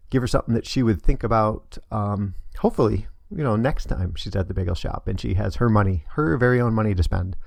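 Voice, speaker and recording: On his vlog, a middle-aged man shares a personal story in a hesitant, rambling way full of fillers. His medium-pitched voice is gravelly and a little mellow, with no room sound.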